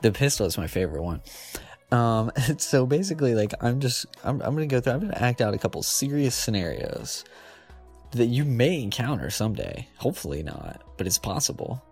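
A man's voice: mid-range voice, very animated, brisk, a little mellow, slightly rough, soft background music. A man hosting a comedy show, rambling playfully, giggling and correcting himself as he goes. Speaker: comedy podcast host.

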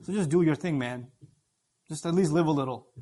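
Man putting on a scheming devil, low coaxing voice, dismissive, tempting. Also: brisk, mellow, lightly acted. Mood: mocking coaxing.

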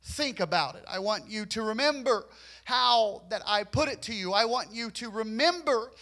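A man's voice: sits high, lively intonation, normal speed, sharp tone. A man preaching a sermon to his congregation in a church. He urges them on, repeats himself and stammers over restarts. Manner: repetitive, urging, stammers on restarts.

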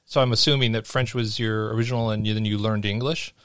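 A man hosting an interview podcast, asking curious questions in a relaxed, chatty way with plenty of fillers. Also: lowish voice, quick pace, clear, resonant tone, dry recording, clean studio sound. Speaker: podcast host. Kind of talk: casual interview chat.

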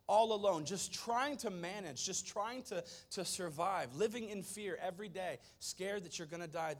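A male pastor retelling a scripture story as a sermon, dramatic, swinging between loud stretches and hushed ones. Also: mid-range voice.

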